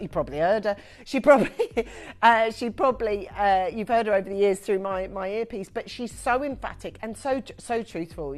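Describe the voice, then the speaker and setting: A woman presenting on a shopping channel, chatty and emphatic in live sales patter. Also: medium pitch. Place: TV studio.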